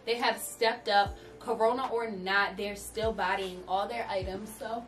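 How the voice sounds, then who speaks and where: A woman's voice: fairly high pitch, steady tone, moderate pace, few pauses. A young woman vlogging a clothing haul, bubbly and gushing as she talks straight to her viewers. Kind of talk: excited try-on haul chat. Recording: voice a bit far from the mic, music underneath.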